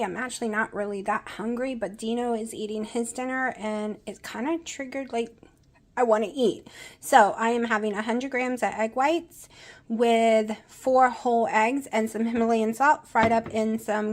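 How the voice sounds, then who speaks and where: A woman in casual vlog chat, rambling and emotional, close to tears, talking to viewers at home. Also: fairly high pitch. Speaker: vlogger.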